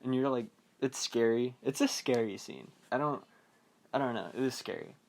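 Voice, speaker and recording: A young man hosting a podcast, recapping a film in a rambling, casual way, full of fillers and quick mock quotes. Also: medium pitch, animated, vocal fry, darkish tone. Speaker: podcast host.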